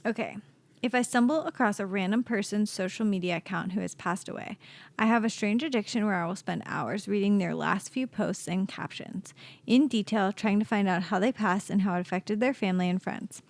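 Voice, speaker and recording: A young woman co-hosts a podcast in an easy, rambling chat, stacking filler words as she thinks aloud. Her voice has a steady gravelly fry and sits at a middle pitch. The sound is close and dry. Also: a little fast, no echo. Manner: chatty, lots of "like" fillers. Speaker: podcast co-host. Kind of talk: casual chat.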